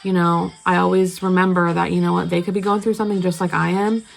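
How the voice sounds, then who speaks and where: A woman's voice: lowish voice, little pitch movement, fast talker, creaky, faint music behind, low-quality recording. A young woman vlogging casually, rambling through a story while she does her makeup. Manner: rambling, chatty, lots of fillers. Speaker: beauty vlogger.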